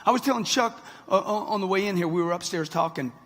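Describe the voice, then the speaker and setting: Brash husky sixty-year-old man in a hall. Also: high-pitched, fast, fairly bright tone. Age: 60s. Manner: brash, punchy, addresses the crowd directly. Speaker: motivational speaker. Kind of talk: live motivational talk to an audience. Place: large event hall with an audience. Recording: long reverb of a big hall.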